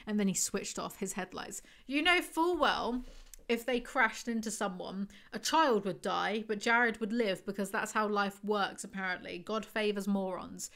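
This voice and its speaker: A woman's voice: mid-range voice, a bit bright. Sarcastic woman reviewing a book. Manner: sarcastic, wry asides between read passages. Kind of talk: book review vlog reading excerpts aloud.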